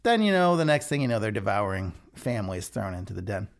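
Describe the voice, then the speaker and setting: A man's voice: lowish voice, fast talker, creaky. A man giving a casual devotional talk, rambling and correcting himself as he retells a scripture story. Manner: rambling, self-interrupting, animated. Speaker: devotional speaker.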